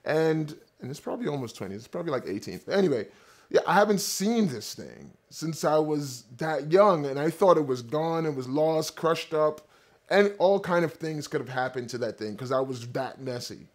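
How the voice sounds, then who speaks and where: This company founder, a man in his thirties, speaks at a fairly high pitch and a moderate pace, sounding animated. He addresses his viewers directly, eagerly spinning a rambling personal story in a casual way.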